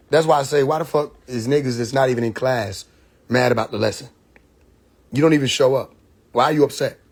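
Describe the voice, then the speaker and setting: A man with a medium-pitched, slightly mellow voice and a breathy edge hosts a casual livestream monologue. He tells stories animatedly and mimics mocking voices, picked up by a phone or computer mic on the stream.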